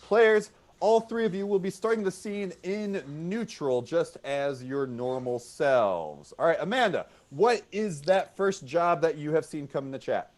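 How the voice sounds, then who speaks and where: A man runs an improv comedy game over a video call. His voice sits a bit high and swings widely in pitch. He is upbeat and repeats each suggestion back to the players. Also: expressive, unhurried, few pauses, darkish tone. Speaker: referee and host of an improv show. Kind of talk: online comedy game hosting.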